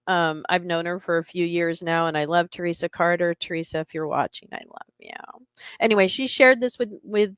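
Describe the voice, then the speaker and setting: A woman's voice: fairly low pitch, animated, a little fast, smooth, no room sound. A woman hosting a casual livestream from home, chatting with viewers and laughing often. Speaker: livestream host.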